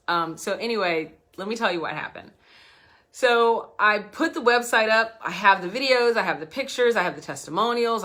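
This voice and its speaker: A woman business coach telling a story straight to camera, acting out both sides of the conversations as she goes. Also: on the low side. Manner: animated storytelling, acts out dialogue. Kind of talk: direct-to-camera business talk.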